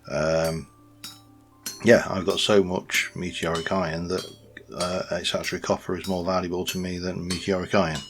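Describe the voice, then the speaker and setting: Chatty man with a very low voice. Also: slight background noise. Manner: chatty and rambling, with many fillers. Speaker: let's-play host. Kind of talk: casual game commentary.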